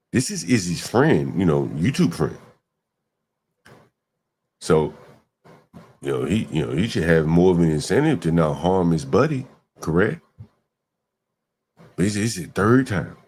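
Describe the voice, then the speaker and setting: In a ranting livestream commentary, a male host speaks emphatically in a low, darkish voice, piling on rhetorical questions. There is slight background noise.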